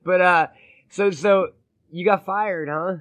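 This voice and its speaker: Co-hosting a podcast, this man speaks slowly in a high, slightly bright voice with fairly even intonation and no echo. His talk is casual and profane, rambling through stories while he performs what other people said.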